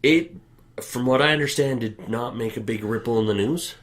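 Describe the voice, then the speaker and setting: A man's voice: mid-range voice, normal speed. A man hosting a podcast, easygoing and explanatory as he recounts news stories in casual chat. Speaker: podcast host.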